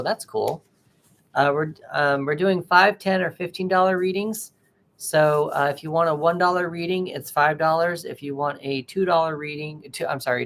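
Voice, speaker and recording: A man hosting a tarot livestream, chatting casually and haltingly with viewers and greeting them by name. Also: fairly high pitch, a bit bright.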